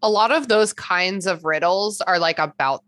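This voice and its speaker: A woman's voice: on the low side, normal speed, a bit bright. A woman co-hosting a podcast, chatty and casual, swearing now and then. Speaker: podcast co-host. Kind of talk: casual chat.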